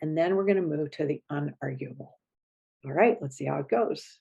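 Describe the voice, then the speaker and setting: Soft-spoken woman coach, mellow lo-fi. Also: deep voice, moderate pace, vocal fry, husky. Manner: gentle, reflective, acts out feelings with groans. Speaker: relationship coach. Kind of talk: teaching talk to an audience.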